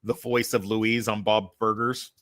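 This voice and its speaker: A man in his late forties chatting casually on a podcast, telling stories with lively swearing and impressions. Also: lowish voice, unhurried, no room sound, studio quality. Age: 40s. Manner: animated storyteller, swears freely, does impressions. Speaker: podcast co-host. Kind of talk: casual chat.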